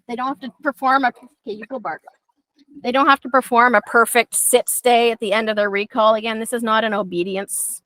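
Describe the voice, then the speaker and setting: A woman's voice: on the high side, a bit bright, dry recording. A woman dog trainer teaching a class in a chatty way, often acting out how she talks to her dogs. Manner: chatty, acts out talking to dogs.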